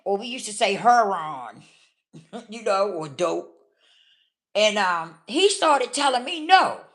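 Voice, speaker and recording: A woman's voice: medium pitch, animated, takes it slowly, a bit bright. A woman telling her own story in a blunt, casual way, often checking in with the listener. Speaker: vlogger. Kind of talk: candid personal storytelling.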